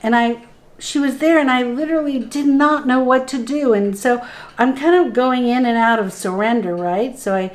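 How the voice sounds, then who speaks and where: A middle-aged woman, a spiritual guide, telling her own story earnestly in a conversation and acting out the dialogue as she goes. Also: a little high. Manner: slow, earnest telling that replays dialogue in the moment. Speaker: spiritual guide and interview guest.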